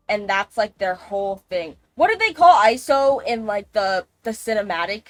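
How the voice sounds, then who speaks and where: A woman's voice: medium pitch, animated, moderate pace, few pauses, dry recording. A woman streaming a game live, chatting in a rambling, casual way and swearing freely. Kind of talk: casual gaming livestream chat.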